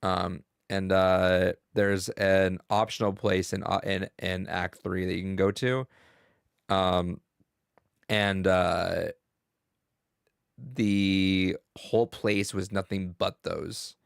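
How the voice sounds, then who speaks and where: A young man co-hosting a podcast, talking about a video game in a rambling, excitable, profane way. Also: deep voice, slow, vocal fry, clear, resonant tone, no room sound, clean studio sound. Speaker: podcast co-host. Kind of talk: casual gaming chat.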